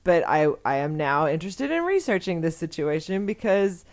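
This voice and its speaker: A woman's voice: fairly low pitch, big pitch swings, moderate pace. A woman from Texas co-hosting a podcast in casual chat, talking in an exclamatory, rambling way and swearing freely. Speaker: podcast co-host.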